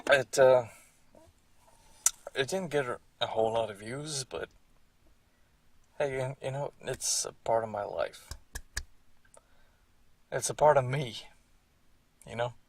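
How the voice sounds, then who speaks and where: Slow gravelly man rambling casually. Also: medium pitch, far from the mic, a little hiss or hum. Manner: rambling, repeats himself, swears casually. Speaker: creator doing commentary on his own series. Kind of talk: casual commentary.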